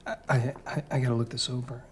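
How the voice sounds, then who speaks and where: A man's voice: medium pitch, steady tone, fast talker, a little hiss or hum, lightly acted. An actor playing a nervous man at an audition who stammers and apologizes. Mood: flustered.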